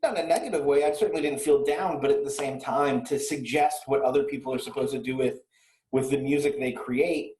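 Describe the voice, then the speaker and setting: A man in casual chat, sarcastic and foul-mouthed as he rants about rock stars. His voice sits at a middle pitch and rings in a roomy, echoey space. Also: brisk, a little mellow. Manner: profane, ranting and sarcastic. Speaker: podcast co-host.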